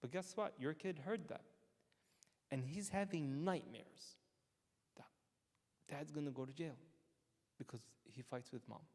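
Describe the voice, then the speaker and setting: A man's voice: on the high side, unhurried, pauses often, a little mellow. Priest guy preaching casually, lots of restarts and little laughs, long echo off the church walls. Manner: stammering restarts, chuckles while telling stories. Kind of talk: conversational sermon with personal stories. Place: church hall. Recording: long church-hall reverb.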